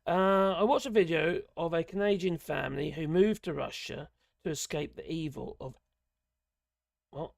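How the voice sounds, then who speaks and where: A man's voice: a little high, moderate pace, gravelly, no room sound, clean studio sound. A man hosting a live politics stream, rambling and blunt, swearing freely and chuckling as he talks. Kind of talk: casual live-stream commentary.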